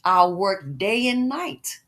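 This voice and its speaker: A woman hosting a reaction commentary, expressive and repeating words as she reacts. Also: mid-range voice, slow pace. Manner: expressive, swoops into mock voices, repeats words. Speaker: commentary channel host.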